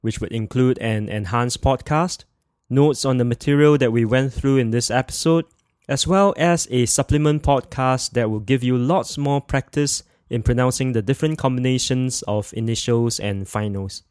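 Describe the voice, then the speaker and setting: A man hosting a podcast language lesson, modeling sounds slowly and clearly for listeners to repeat. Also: mid-range voice, a little mellow, dry recording, clean studio sound. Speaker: language teacher and podcast host.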